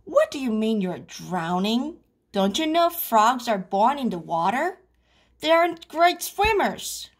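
A woman's voice: on the high side, sing-song, unhurried. A woman voicing a patient mother frog who coaxes and encourages. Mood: reassuring. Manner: coaxing, encouraging.

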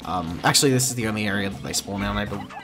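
A man's voice: on the low side, rapid-fire. A man in his twenties giving casual let's-play commentary, rambling and easily sidetracked, full of fillers and restarts. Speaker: gaming channel host. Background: game music.

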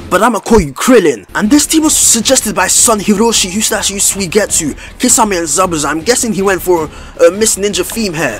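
Young guy yelling over a fighting game, high lively voice, swears a lot, faint game music behind. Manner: loud, excitable trash talk, frequent swearing and outbursts. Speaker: gaming YouTuber. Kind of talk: live gameplay commentary.

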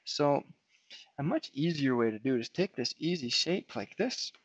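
Here a man speaks in a slightly high, expressive voice with a breathy edge, at a moderate pace, and the recording is dry. He's giving an unscripted whiteboard lecture, walking through each step as he draws and often starting phrases over with fillers. Overall the audio is dull and lo-fi.

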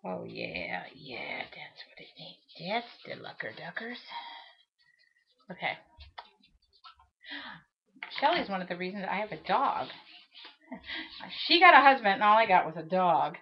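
A woman's voice: mid-range voice, big pitch swings, measured pace, pauses often, a little hiss or hum. A woman demonstrating a mixed-media art piece on a live stream, talking to herself and her viewers as she works in a home studio. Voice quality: chatty, self-talking. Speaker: art instructor. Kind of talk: live-streamed craft demo chat. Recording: lo-fi webcam stream audio.

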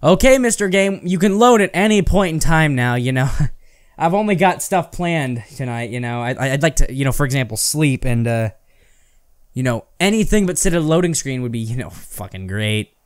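A young man giving casual, profane let's-play commentary with loud outbursts and fast rambling. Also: medium pitch, animated, clear, resonant tone. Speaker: gaming YouTuber.

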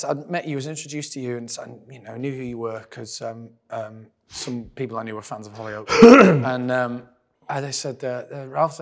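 A man in his forties co-hosting a podcast, telling a story to an old friend with lots of laughter and swearing. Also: medium pitch. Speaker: podcast co-host. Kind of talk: casual chat between old friends.

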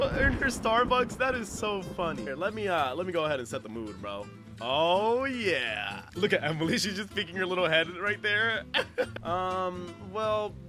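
Young guy, high bright voice, hyped game commentary, laughs constantly, faint music behind. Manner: excitable, laughs a lot, says "bro" often. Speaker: gaming YouTuber. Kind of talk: casual gameplay commentary.

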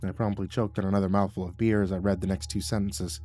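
A man narrating a horror story, swinging from hushed to loud. His voice sits low, the sound is dry and close, and faint music plays behind him. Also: level tone, quick pace, hardly any pauses, no echo. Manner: dramatic, jumps between hushed and loud. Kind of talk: scripted first-person horror narration.

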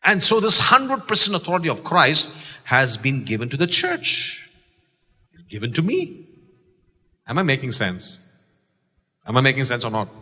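A man's voice: medium pitch, wildly swooping pitch, moderate pace, long pauses, husky. A man with a Malaysian English accent, preaching an exuberant sermon in a church and calling for responses from the congregation. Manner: exuberant, calls for audience responses, shouts key lines. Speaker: pastor. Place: church sanctuary. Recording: long church reverb.

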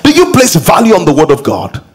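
A middle-aged man preaches from a church pulpit in a slightly husky, fairly high voice. His pitch swings widely as he repeats key lines and presses the congregation with questions. Emphatic, rising preaching. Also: wildly swooping pitch, fairly quick, poor audio. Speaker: pastor. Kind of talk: sermon. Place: church auditorium.

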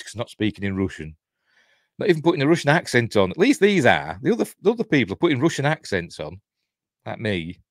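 A man's voice: low-pitched, wildly swooping pitch, brisk, dry recording, studio quality. Rambling Yorkshire man, chuckling. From Yorkshire, England. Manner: rambling, chuckling, self-interrupting. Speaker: host. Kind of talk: casual film commentary.

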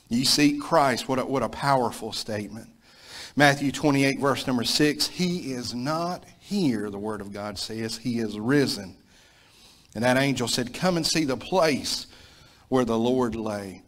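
A Southern American preacher delivering a sermon with an emphatic, repetitive style. He builds to loud peaks and then drops low, in a mid-pitched man's voice. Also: lively intonation, a little slow. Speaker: pastor.

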